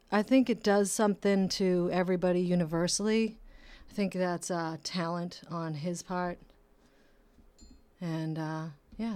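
Chatty low-voiced woman podcast host. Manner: chatty, self-deprecating, loose and playful. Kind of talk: casual solo podcast chat.

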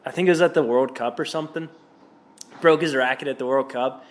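A man's voice: mid-range voice, a little fast. A young man co-hosting a casual podcast, laid-back, laughing often and swearing. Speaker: podcast co-host. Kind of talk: casual chat.

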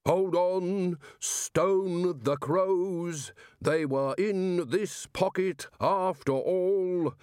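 A man's voice: high-pitched, very slow, smooth, no echo, clean studio sound, voice pushed up. A man voicing a bellowing, pompous old male college porter who enunciates each word with stubborn care. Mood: blustering. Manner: loud, each word enunciated with bulldog carefulness.

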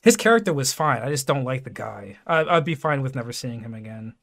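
An excitable man from New York chatting on a podcast. His voice sits in a middle register and jumps around as he gets worked up. He talks loosely, swearing for emphasis. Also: mid-range voice, brisk, gravelly. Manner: animated, excitable, swears casually. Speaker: podcast host. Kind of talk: casual chat.

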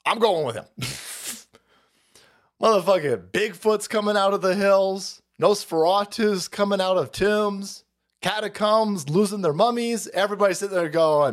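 A man's voice: high voice, normal speed. A man hosting a livestream, ranting about politics in a foul-mouthed, mocking way and often breaking into laughter. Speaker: livestream host. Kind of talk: profane political rant on a livestream.

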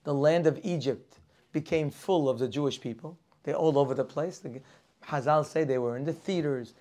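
A man teaching a lively weekly Torah class, full of rhetorical questions and acted-out characters. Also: fairly high pitch, moderate pace.

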